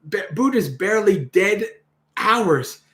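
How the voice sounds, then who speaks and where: A man's voice: high-pitched, expressive, takes it slowly, a bit bright. A man hosting a livestream, reading a Buddhist sutta aloud and commenting casually, laughing often and acting out the quoted lines. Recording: roomy echo.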